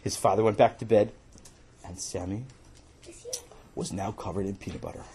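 A man telling a children's story in an animated, playful way, with casual asides. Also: fairly low pitch, normal speed, a little hiss or hum.

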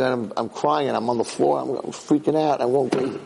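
A middle-aged man giving a Torah lecture as a rabbi, talking at a medium pitch. He tells personal stories with animated emphasis and often doubles back to repeat and restart his words. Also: quick pace, vocal fry, husky, rough recording.

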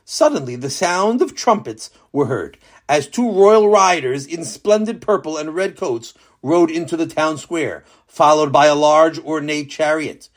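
A man narrating a children's story with a lesson at the end, lively and animated. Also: fairly high pitch, a little slow, few pauses.

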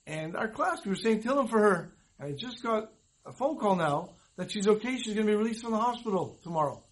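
A man voicing an eager teenage girl who rushes through her good news, inside a spoken sermon story. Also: sits high, expressive, low-quality recording. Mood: excited. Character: teenage girl, excited and relieved.

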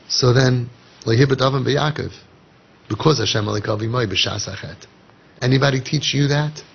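Male rabbi, lively lecturer, raspy tone, dull low-fi recording. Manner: animated, acts out inner voices and dialogue; mixes Hebrew and Yiddish phrases into English. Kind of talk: Torah lecture. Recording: dull lo-fi podcast audio.

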